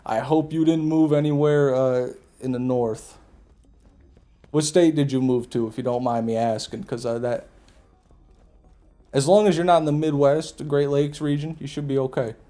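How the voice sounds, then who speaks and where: A male streamer talks casually over his gameplay, cracking crude jokes and greeting viewers as they chat. His voice is mellow and mid-pitched, with faint game music running underneath. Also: fairly even intonation, moderate pace. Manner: profane, joking, laughs at his own jokes; chats with viewers while playing. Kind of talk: casual live gameplay commentary.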